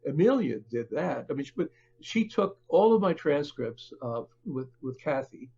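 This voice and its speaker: An older man, an author, talks through his work as a podcast guest, stopping and restarting often and leaning on fillers. His voice is gravelly and husky. The audio sounds dull and lo-fi. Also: on the high side, very animated, a little mellow. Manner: halting, many fillers and restarts. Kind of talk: conversational interview.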